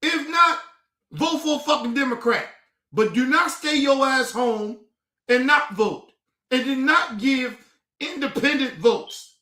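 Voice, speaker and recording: Streamer, male, high and bright-voiced, heated rants with shouted bursts, roomy sound. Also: unhurried. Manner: profane, exasperated ranting, rising to shouts. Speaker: political commentary streamer. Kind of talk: casual heated commentary.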